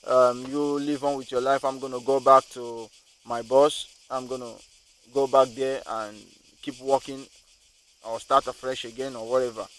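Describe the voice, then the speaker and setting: A man's voice: mid-range voice, flat delivery, normal speed, a little hiss or hum, voice pushed down, lightly acted, poor audio. A man telling a story and voicing a weary husband talking himself out of a rash decision. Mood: resigned. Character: weary traveling husband, hot-tempered then calm.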